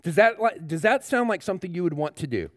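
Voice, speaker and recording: A pastor giving a children's sermon, speaking straight to the young ones and asking them questions. His voice sits a little high for a man. It sounds dry and close, with no room echo. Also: animated, fast talker. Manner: talks directly to kids, asks them questions.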